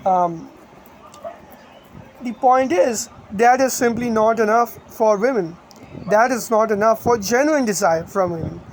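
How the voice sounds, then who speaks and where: A man's voice: high-pitched, measured pace, a little hiss or hum, low-quality recording. A man giving blunt, rambling online commentary, crude and opinionated.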